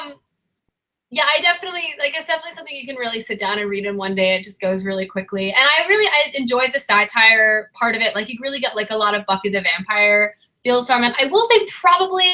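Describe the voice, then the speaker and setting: A young woman with a bright, sharp voice, co-hosting a casual live book discussion. Her delivery is lively and chatty, pitched a little high, and she slips into acting out the characters' lines. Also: fast. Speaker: co-host.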